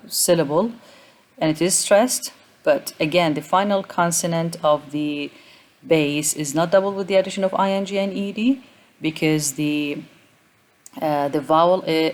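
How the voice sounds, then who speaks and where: Low-voiced woman lecturing on grammar. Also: a little slow. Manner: methodical, repeats example words aloud, frequent uh fillers. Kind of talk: recorded lecture explaining spelling rules.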